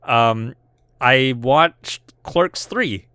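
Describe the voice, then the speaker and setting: A man's voice: mid-range voice, lively intonation, very slow, bright, forceful tone, clear, resonant tone, dry recording, studio quality. A man co-hosting a film podcast in casual chat, rambling with many fillers and restarts and laughing often. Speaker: podcast co-host.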